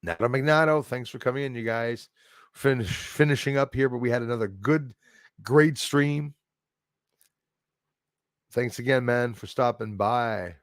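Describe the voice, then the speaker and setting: A man with a French Canadian accent hosting a casual livestream, rambling through viewer comments with frequent chuckles and sudden loud bursts. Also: mid-range voice, measured pace, pauses often, no echo, studio quality. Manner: rambling, chuckling, jumps loudly between topics. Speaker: livestream host.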